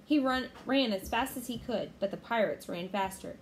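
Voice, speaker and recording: Woman narrator for a kids' storybook, steady and expressive, faint hiss behind. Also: on the high side, moderate pace. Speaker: reader. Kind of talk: children's storybook read-aloud.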